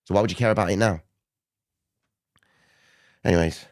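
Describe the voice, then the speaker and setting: A man doing casual live market commentary who keeps checking in with viewers, his voice rougher than usual. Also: low-pitched, moderate pace, dry recording, clean studio sound. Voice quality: gravelly, not his normal voice. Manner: chatty, addresses viewers directly, frequent "okay?" and "right?".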